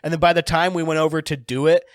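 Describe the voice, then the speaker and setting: A man's voice: a little high, little pitch movement, fast talker, clean tone, no room sound. A man, a guest comedian, telling rambling, profane stories in casual chat, full of filler words.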